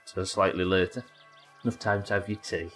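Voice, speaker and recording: A man's voice: low voice, steady tone, fairly quick, fairly bright tone, faint music behind. A young man from the UK doing chatty, sweary live commentary as he plays, talking to his chat. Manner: chatty, sweary, talks to chat while working. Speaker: streamer.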